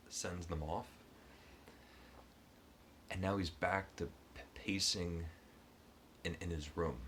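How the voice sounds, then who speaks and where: Very deep-voiced man retelling a story slowly. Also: lively intonation, fairly bright tone, slight background noise. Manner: halting, many ums and stammers. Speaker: book reviewer.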